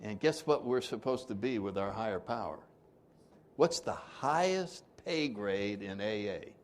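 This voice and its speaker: This man runs a twelve-step recovery workshop in a lowish voice, speaking animatedly but a little slowly. He's jokey, laughs a lot, and voices the people he quotes.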